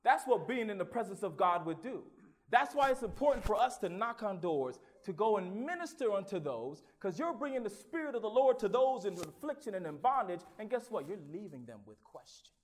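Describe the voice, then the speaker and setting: A man preaching a sermon with his own testimony, swinging from hushed, halting recollection to loud exclamations, often stammering and repeating words. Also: high voice, big pitch swings.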